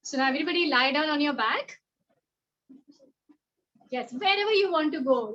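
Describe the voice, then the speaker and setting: A woman with an Indian English accent, leading a playful online yoga class for children in an animated, sing-song, encouraging way. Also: high-pitched, fairly quick, highs cut off.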